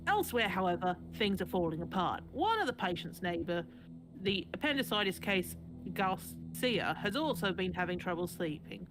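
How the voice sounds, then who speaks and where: A woman voicing a male wartime doctor who reads out his journal in a put-on Cockney accent, in a slow, measured live story reading. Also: on the low side, very animated. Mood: grave. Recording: noisy live stream audio.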